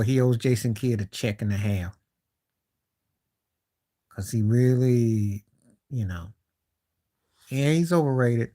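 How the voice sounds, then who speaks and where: Bright and forceful in a mid-range voice, a man runs a live stream and talks basketball informally. He keeps breaking off, picking back up, and adding asides of disbelief.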